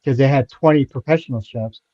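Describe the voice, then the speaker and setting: A man chatting casually in a relaxed, rambling way, full of fillers and restarts. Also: mid-range voice, brisk, no echo. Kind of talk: casual chat. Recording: dull lo-fi dry sound.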